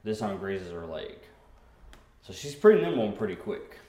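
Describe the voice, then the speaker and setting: A man's voice: lowish voice, sing-song, moderate pace, a little mellow. A man running a tabletop game as game master, narrating the action with laughs and sound effects. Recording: roomy with faint noise.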